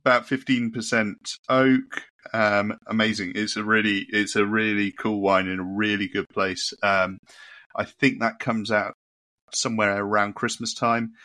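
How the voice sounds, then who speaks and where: Male winemaker co-host, relaxed and rambling, bright voice. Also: lowish voice, normal speed. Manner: easygoing, rambling, many ums. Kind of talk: casual banter.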